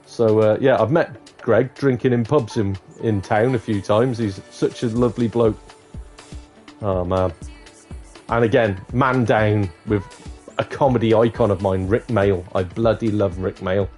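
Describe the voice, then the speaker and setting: A man's voice: fairly low pitch, steady tone, measured pace, darkish tone, faint music behind. A man hosting a live stream, chatting casually and rambling, swearing freely. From Shropshire, England. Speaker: livestream host.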